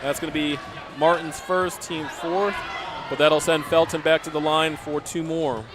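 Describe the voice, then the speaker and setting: A man calling a high school basketball game play by play, with excited calls and chatty asides. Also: a little slow. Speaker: play-by-play announcer. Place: school gym broadcast booth. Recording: noisy gym ambience behind.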